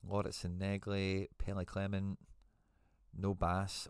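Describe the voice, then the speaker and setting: Man, low-pitched, live-stream host, chatty, thinking aloud, dry close sound. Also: unhurried, pauses often, darkish tone, smooth, no room sound. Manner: chatty, thinks aloud, reads out viewer comments.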